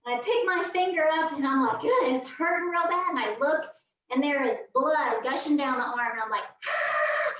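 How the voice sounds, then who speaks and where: A woman, a guest on a video call, telling a funny story in a lively way and acting out the voices. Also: high voice, brisk. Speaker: guest quilter. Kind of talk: animated storytelling. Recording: roomy, distant, dull video call audio.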